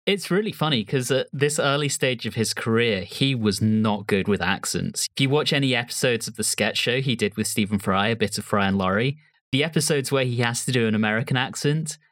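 Podcast co-host, man, mid-pitched, wry and informative, dead-dry recording. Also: fairly quick, fairly bright tone, no room sound. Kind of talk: casual chat.

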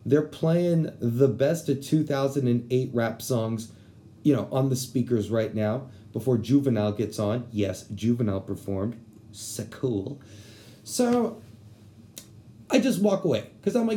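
Young man from Texas, casual storyteller: mellow tone, lively and profane. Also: medium pitch, measured pace. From San Antonio, Texas. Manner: animated, profane, slangy.

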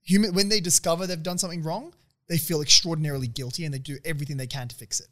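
A young man in a casual podcast chat, rattling his words out quickly and pushing his points eagerly. His voice sits a little high for a man. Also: fairly even intonation, fairly bright tone. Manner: rapid, eager, argumentative.

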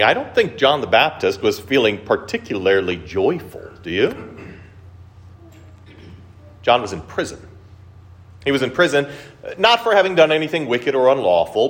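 Animated male preacher, lively delivery. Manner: animated, rising high for quoted voices and dropping low and soft for serious points; conversational, with rhetorical questions. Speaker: pastor. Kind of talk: sermon.

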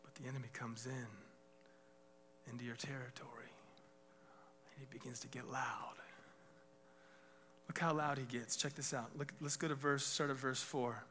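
A man preaching a sermon as a guest speaker, swinging from loud declarations to hushed whispers. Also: medium pitch, little pitch movement, normal speed, long pauses, a little hiss or hum.

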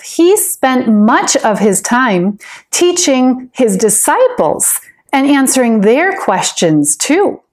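Slow, expressive woman telling a Bible story. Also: medium pitch. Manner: gentle, expressive, deliberate. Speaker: Sunday school teacher.

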